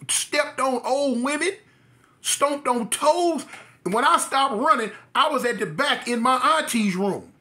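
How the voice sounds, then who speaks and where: Animated man telling a comic story. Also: extremely high pitch. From Los Angeles, US. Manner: animated, acts out voices, exaggerated.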